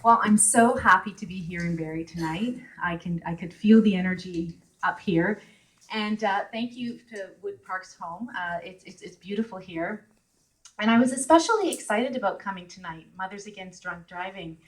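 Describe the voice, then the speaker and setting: A woman's voice: medium pitch, normal speed. Chatty woman speaking from a distance. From Canada. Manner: chatty, laughs often, voice rises when animated. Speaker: guest speaker. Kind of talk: speaking to a live audience. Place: event hall. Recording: distant mic in a hall.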